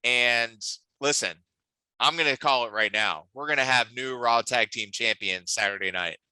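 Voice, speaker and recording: Excited guy talking wrestling picks, super bright tense voice, dry close sound. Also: medium pitch, moderate pace, clean tone, no room sound, rough recording. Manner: enthusiastic, teasing, talks in restarts. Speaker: podcast co-host. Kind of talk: casual wrestling chat.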